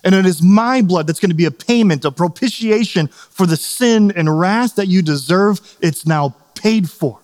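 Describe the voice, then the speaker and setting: A man preaching a sermon as pastor, earnest and animated, sometimes acting out quoted voices. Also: high voice, moderate pace, hardly any pauses, long reverb tail.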